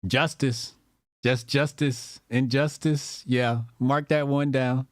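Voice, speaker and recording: A man's voice: mid-range voice, fairly even intonation, takes it slowly, no room sound, clean studio sound. A man giving casual, mocking reaction commentary as a streamer, exasperated and profane.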